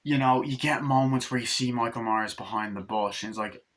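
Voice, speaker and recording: Bright-voiced young man rambling through a film review. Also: medium pitch, brisk. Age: 20s. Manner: rambling, retells scenes mimicking the dialogue, swears casually. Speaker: movie reviewer.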